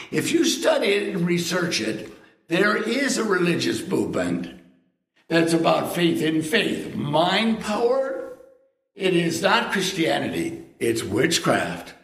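An older man preaching a sermon as a visiting preacher, telling folksy stories and acting out both sides of a dialogue. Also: on the high side. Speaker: guest preacher. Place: church. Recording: echoey church hall, mic at a distance.

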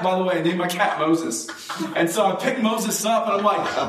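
A man preaching a sermon and telling a personal story, his voice jumping up high when he gets excited. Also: normal speed, reverberant, distant mic, slight background noise, rough recording.

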